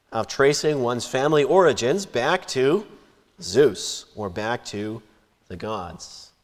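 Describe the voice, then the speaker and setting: A man preaching a sermon in a measured, emphatic way, lifting and dropping his voice for stress. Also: mid-range voice. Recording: long hall reverb.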